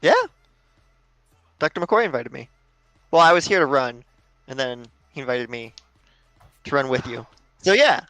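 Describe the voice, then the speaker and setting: A man's voice: mid-range voice, lively intonation, normal speed, long pauses, a bit bright, no echo. A man playing in a tabletop game, giving brief, plain in-character replies. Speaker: player. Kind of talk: in-character tabletop role-play. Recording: dry close recording.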